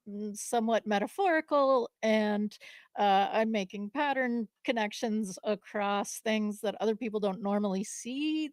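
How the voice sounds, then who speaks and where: A woman's voice: mid-range voice, no room sound. A woman from New England chats live as a co-host, stopping and restarting often, with ums and easy laughter. Her voice sits mid-range and sounds dry and close. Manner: halting, many fillers, frequent laughs. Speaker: podcast co-host. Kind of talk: live casual conversation.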